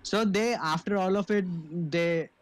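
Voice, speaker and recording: A man's voice: high voice, unhurried, smooth. A young man from India, telling a rambling, profane story in casual chat and laughing often.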